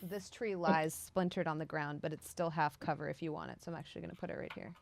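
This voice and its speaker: A young woman running a tabletop role-playing game as game master, relaxed and chatty, laughing often. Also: sits low, fast talker, vocal fry.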